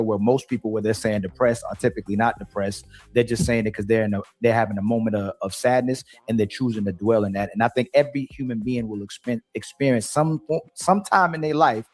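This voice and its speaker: A man's voice: on the low side, no room sound. A man on a podcast panel making a reasoned argument, stopping and restarting as he goes. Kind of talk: casual debate.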